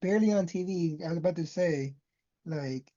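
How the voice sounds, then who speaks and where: Laid-back co-host with a mellow, warm voice; short casual remarks over a dull recording. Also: mid-range voice, moderate pace. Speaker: podcast co-host. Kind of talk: casual wrestling chat.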